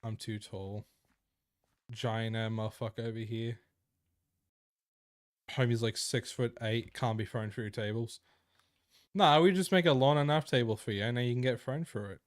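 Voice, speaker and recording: A man's voice: medium pitch, normal speed, pauses often, dry recording, studio quality. A young man chatting casually with viewers on a live stream, crude and joking. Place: indoor room.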